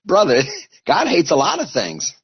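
Husky man insistently explaining scripture. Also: fairly high pitch, huge pitch swings, unhurried, lo-fi sound. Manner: insistent, builds to a point, urges listening. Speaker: co-host on a Bible discussion.

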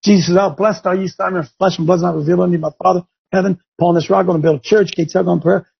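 A man's voice: high voice, fairly even intonation, very fast, creaky, slightly rough. A man preaching to a group in a folksy, emphatic way, speaking straight to his listeners. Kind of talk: sermon. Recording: dull lo-fi recording.

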